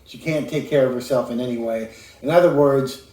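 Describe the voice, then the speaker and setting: A man interviewing calmly, summing up what he hears in short questions. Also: mid-range voice, a little fast, reverberant, low-quality recording. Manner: calm, sums up the story in questions. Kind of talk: casual interview.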